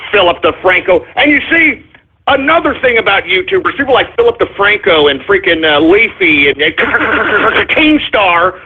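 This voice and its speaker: A man's voice: high voice, big pitch swings, moderate pace, a little hiss or hum. A man hosting a radio show, ranting angrily and profanely, repeating himself as he goes. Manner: angry, profane, repetitive ranting. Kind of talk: ranting call-in radio monologue. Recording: muffled phone-line audio.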